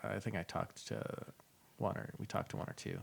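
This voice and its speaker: A man co-hosting a casual podcast, telling stories in a relaxed way and laughing often. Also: lowish voice, a little fast, vocal fry. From San Diego area, California. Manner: laid-back storytelling, laughs often. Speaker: podcast co-host. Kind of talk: casual chat.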